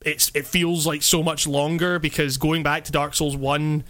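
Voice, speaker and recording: Bright-voiced man in rambling chat. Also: a little high, normal speed. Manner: rambling, lots of fillers and swearing; animated, laughing. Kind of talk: casual chat.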